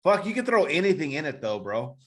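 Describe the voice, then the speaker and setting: A man co-hosting a podcast who chimes in with jokes and quick interruptions, calling his friend "bro". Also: on the high side, very animated. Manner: joking, chiming in with quick wisecracks, says "bro". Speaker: podcast co-host. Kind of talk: casual chat.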